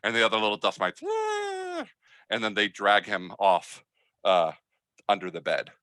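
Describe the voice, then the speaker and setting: Guy gm telling the story, lots of uhs and likes, bright tone, dry close mic. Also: lowish voice, steady tone, moderate pace, dry recording. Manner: hesitant, filler-heavy storytelling. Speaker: game master. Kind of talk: narrating a tabletop game.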